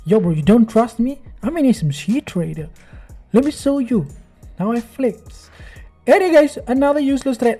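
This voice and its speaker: Mellow-voiced man, sarcastic commentary. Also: high voice. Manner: sarcastic, mocking, acts out voices of others. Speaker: trading video host. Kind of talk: screen-recorded commentary.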